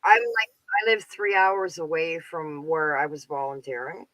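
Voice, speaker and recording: A man's voice: a little high, steady tone, normal speed, crowd noise, poor audio. A Canadian man in his fifties chatting casually as a caller, rambling with plenty of filler words. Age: 50s. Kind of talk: casual chat.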